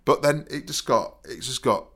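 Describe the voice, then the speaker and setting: A man's voice: mid-range voice, lively intonation, normal speed, fairly bright tone, slightly rough. A man telling a rambling story in casual chat, full of stammering restarts and "you know what I mean". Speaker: podcast co-host.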